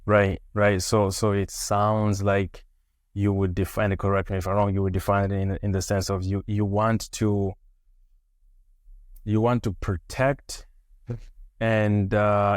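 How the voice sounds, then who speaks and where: Male podcast host, deep-ish voice, halting, repeats words, thoughtful, dry close mic. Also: flat delivery, no echo. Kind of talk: interview questions.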